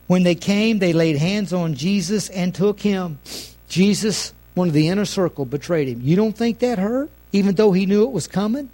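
A middle-aged male pastor delivers a folksy sermon in a notably high voice. He swings between raised, emphatic lines and quiet, hushed asides. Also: normal speed.

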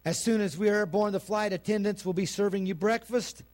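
Calm airline captain as a preacher puts him on, formal announcement, high voice. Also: male voice, brisk, close to an everyday voice. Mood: announcing.

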